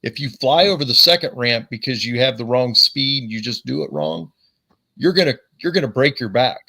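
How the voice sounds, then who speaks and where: A man's voice: mid-range voice, animated, moderate pace, pushed and bright. A man hosting a podcast, enthusiastic and affirming in casual chat.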